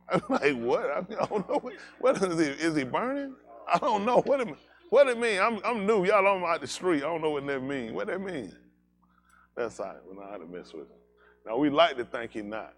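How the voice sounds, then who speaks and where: A man's voice: fairly high pitch, very animated, normal speed, slight background noise. A male pastor, telling country stories to his congregation in a loose, joking way and laughing at his own jokes. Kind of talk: casual storytelling sermon.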